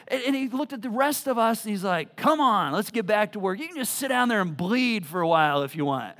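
A man pastor telling a personal story in a sermon, with many stumbling restarts and a low, soft voice for serious points. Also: lively intonation, brisk.

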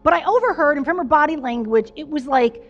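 A woman's voice: high-pitched, animated, fast, a bit bright, dull audio, soft background music. A woman pastor giving a conversational storytelling sermon, chatty and self-deprecating, with lots of fillers.

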